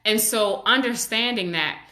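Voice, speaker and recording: A slightly high-pitched woman takes her time as she hosts a live stream about parenting. She is a child psychologist who goes through viewer comments warmly and reassuringly, acting out how parents and kids talk. The webcam or phone audio has a roomy quality.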